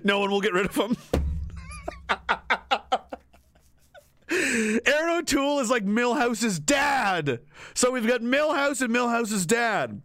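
A man's voice: extremely high pitch, expressive, takes it slowly, long pauses, bright, forceful tone. A man streaming live, rambling, giggling and swearing in a casual comedic rant.

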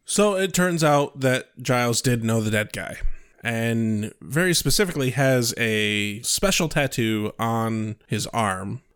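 Male podcast co-host, mid-pitched voice, dry plot-summary delivery. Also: lively intonation, takes it slowly, a bit bright, smooth. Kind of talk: casual chat recapping a TV episode.

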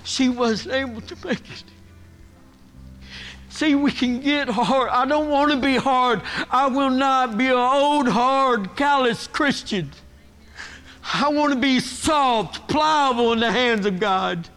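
Slow, high-voiced man preaching a sermon. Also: fairly bright tone, smooth, faint music behind. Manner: earnest, emotional preaching that rises and presses when stirred. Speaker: guest preacher. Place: church sanctuary.

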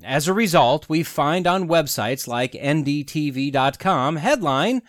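A podcast host in his forties, with a slightly high, animated voice, talks a little slowly through a sardonic, casual monologue packed with rhetorical questions, chuckling at his own jokes. The recording is dry and studio quality.

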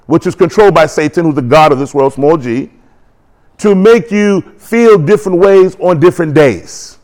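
A man preaching a sermon, exhorting his congregation and calling for responses, building up to excited declarations. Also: on the high side, normal speed.

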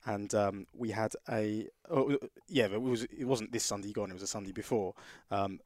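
A man's voice: lowish voice, normal speed, a little mellow, no room sound, clean studio sound. Rambling man on a podcast. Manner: rambling storyteller, restarts sentences. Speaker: podcast co-host. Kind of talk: casual podcast chat.

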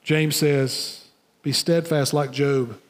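A man with a high voice preaches in a church, his words carried by a long hall reverb. He swings from hushed, low phrases to loud, emphatic questions. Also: fairly even intonation, slow pace. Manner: emphatic preacher, drops soft and rises loud. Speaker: pastor. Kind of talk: sermon. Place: church sanctuary.

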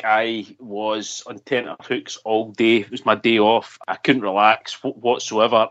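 A man's voice: mid-range voice, dull audio. A man co-hosting a podcast, talking earnestly and at length with a hearty laugh. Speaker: podcast co-host. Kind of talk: casual chat.

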